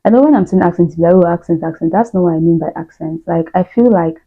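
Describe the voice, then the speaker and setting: A woman's voice: on the low side, quick pace. A young woman from Nigeria with a Nigerian accent, talking candidly and chattily to camera with lots of fillers. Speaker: vlogger. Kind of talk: casual talk to camera. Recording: dull lo-fi sound.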